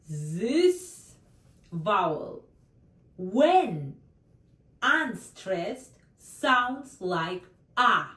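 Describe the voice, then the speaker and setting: A woman with a Russian accent teaching a language lesson, slowly repeating example words and checking in with her students. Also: on the low side, fairly bright tone, far from the mic. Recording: roomy echo, a bit off mic.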